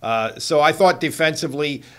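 A man, a sportswriter and co-host, talking football in a casual chat, often restarting his sentences and trailing off quietly. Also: on the high side, normal speed.

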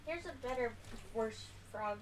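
A young woman with a headache chatting quietly on a home livestream, dry and low-key as she shows her crafts. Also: measured pace, slight background noise. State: has a headache. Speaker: streamer. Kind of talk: casual chat.

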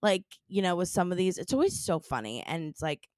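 A woman's voice: on the low side, expressive, a little fast, a little mellow, no room sound, clean studio sound. A woman co-hosting a podcast, chatting casually and playfully, with lots of fillers. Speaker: podcast co-host. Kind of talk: casual chat.

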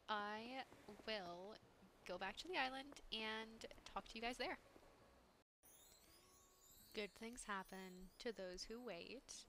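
A woman's voice: mid-range voice, pushed and bright, a little hiss or hum. A young woman hosting a gaming channel, chatting casually to viewers with frequent giggles as she plays. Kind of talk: casual gameplay commentary. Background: background game music.

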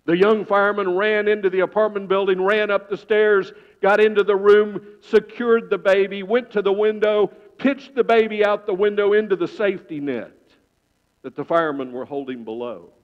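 A man preaching a sermon in church, telling a story with sudden loud swells and quiet hushed drops. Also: high-pitched, steady tone, normal speed. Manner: dramatic storytelling, swelling loud then dropping to a hush. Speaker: pastor. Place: church sanctuary. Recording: dull reverberant church sound.

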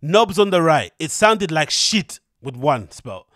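A man's voice: a little high, big pitch swings, measured pace, fairly bright tone, no echo, clean studio sound. A man doing an irate club DJ in a mock foreign accent. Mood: indignant. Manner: indignant, scolding. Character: irate male club DJ ranting at a rival.

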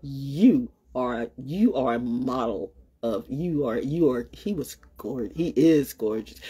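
A woman hosting her own show, talking in a rambling, animated way, often repeating herself, swearing freely, and swinging from loud bursts to low murmurs. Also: a little slow, slightly rough. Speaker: show host. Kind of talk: rambling solo livestream talk.

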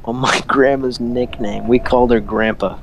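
A man chatting beside a friend's game, dry and teasing with deadpan jokes. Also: medium pitch, moderate pace, very noisy. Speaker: co-host watching a friend play. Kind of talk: casual chat.

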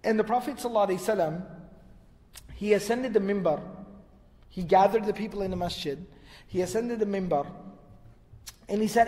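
High-voiced man lecturing in a reverberant hall. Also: brisk, long pauses. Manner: animated retelling, quoting Arabic text and translating. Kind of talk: storytelling lecture.

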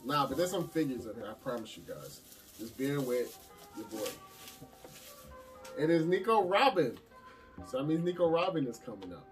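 A man's voice: mid-range voice, sing-song, normal speed, long pauses. A man chatting casually to his viewers while unboxing, slangy and talkative. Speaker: vlogger unboxing anime figures. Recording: distant mic with music behind.

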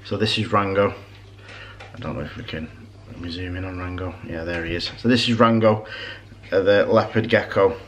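Relaxed low-voiced man vlogging. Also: moderate pace, muffled recording, slight background noise. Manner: relaxed and easygoing, showing things around. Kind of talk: casual vlog chat. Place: indoors at home.

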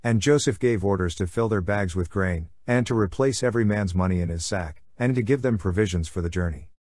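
Low-voiced man reading scripture. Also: no room sound, studio quality. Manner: measured, steady scripture reading. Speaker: Catholic podcast host reading scripture. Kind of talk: Bible reading.

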